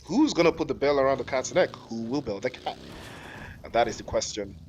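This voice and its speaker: A man's voice: medium pitch, lively intonation, a little fast, slight background noise. Jokey slangy male esports caster. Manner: jokey, rambling, slangy, laughs often. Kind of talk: live esports commentary mixed with chat banter.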